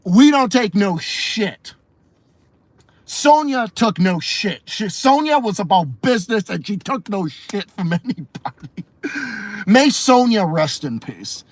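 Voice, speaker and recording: A man's voice: sits high, expressive, slow, dry recording. A man hosting a late-night livestream podcast, ranting casually, swearing a lot, repeating himself and laughing often. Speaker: podcast host and streamer.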